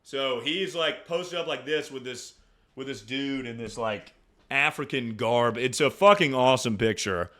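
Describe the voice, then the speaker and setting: A young man streaming, rambling and joking with lots of swearing and quick impressions. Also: medium pitch, a bit bright. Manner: rambling, profane, jokey, often slips into impressions. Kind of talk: casual livestream commentary.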